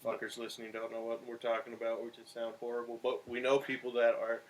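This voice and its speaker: A man's voice: medium pitch, completely flat delivery, quick pace, slight background noise, low-quality recording. A young adult man, a podcast guest, talking in a loose, profane, rambling way in casual banter.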